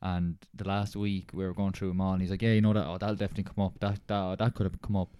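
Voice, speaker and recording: A man's voice: sits low, little pitch movement, fast talker, warm tone, clean tone, no echo. A young Irish man in his twenties, co-hosting a podcast and telling rambling stories full of "like" fillers. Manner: rambling storyteller, many "like" fillers. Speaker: podcast co-host. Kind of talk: casual chat.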